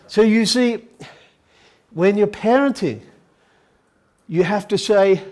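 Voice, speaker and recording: High-voiced man telling stories. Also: takes it slowly, pauses often, a little mellow. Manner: storytelling, acting out family dialogue. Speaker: education presenter. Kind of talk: educational talk to an audience. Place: conference hall.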